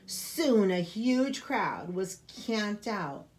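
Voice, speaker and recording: A woman librarian reading a children's picture book aloud with expressive storytelling. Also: mid-range voice, extremely slow.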